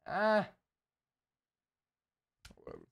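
A man's voice: extremely slow, a bit bright, no echo. A tired young man chatting casually in an unedited vlog, rambling, self-deprecating and cussing a lot, recorded at home on a desk mic. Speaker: YouTuber.

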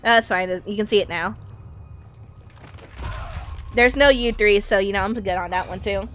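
A woman live-streaming a video game, chatting casually and excitably, swearing and talking to herself. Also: mid-range voice, normal speed, slight background noise.

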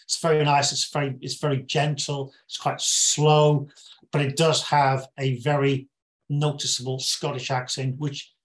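A man from the UK with a British accent, a guest reviewing a film in a casual interview, speaking in a measured, explanatory way. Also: mid-range voice, little pitch movement. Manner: measured, explanatory, plain-spoken.

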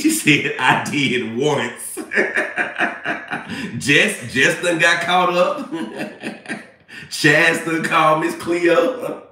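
A man's voice: on the high side, sharp tone, far from the mic. A man hosting a casual live stream, chatting with viewers and laughing often. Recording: echoey room, away from mic.

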